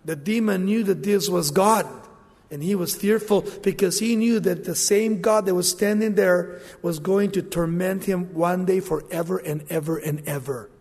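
A man preaching a sermon, dramatic and animated, acting out the voices in the passages he quotes. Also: high voice, moderate pace, breathy edge, in a large hall.

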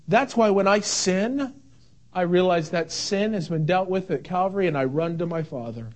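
High-voiced, fervent male preacher. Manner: swings from hushed near-whisper to fervent shouting; emphatic, repeats key words. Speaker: pastor; father of young sons. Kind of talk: sermon.

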